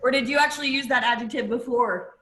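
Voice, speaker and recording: A woman speaks on a casual video call, slightly high-pitched and very bright in tone. She asks playful, teasing questions. Her delivery is lively and forward. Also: fast talker, low-quality recording. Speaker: panelist.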